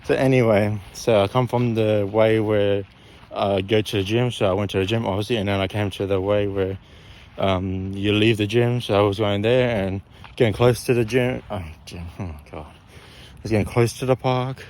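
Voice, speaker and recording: A man's voice: fairly low pitch, steady tone, normal speed, darkish tone. A young man telling a story in a casual, rambling way, often repeating and correcting himself.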